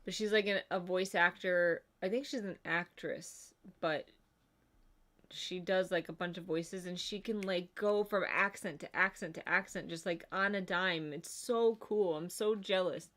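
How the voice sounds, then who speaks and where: Chatty woman, slightly low. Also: a little slow, a bit bright. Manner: chatty and rambling, lots of "like". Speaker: livestream co-host. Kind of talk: casual livestream chat.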